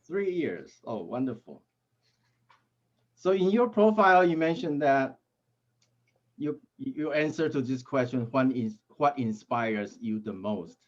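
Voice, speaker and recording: A man acting as toastmaster for a speech contest, chatting with contestants in a joking, halting way over a video call. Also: mid-range voice, expressive, highs cut off. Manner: jokey, halting with restarts. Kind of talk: friendly interview banter.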